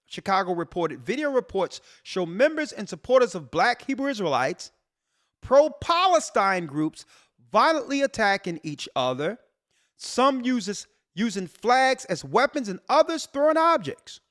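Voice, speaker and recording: A man who serves as a church elder and hosts a show comments on a news article, preaching animatedly with rhetorical questions and repeated emphasis. His voice is high and a little slow.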